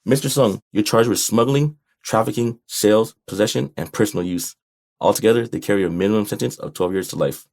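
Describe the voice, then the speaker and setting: A man voicing a stern female judge who speaks in brisk, formal pronouncements. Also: lowish voice, gravelly, darkish tone.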